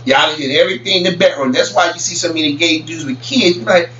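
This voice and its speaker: A man's voice: a little high, quick pace, hardly any pauses, pushed and bright. A man ranting casually to camera in a rambling way, often stammering and repeating words. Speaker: vlogger commenting on celebrity news. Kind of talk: casual opinion rant. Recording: roomy, distant, dull lo-fi with faint hum.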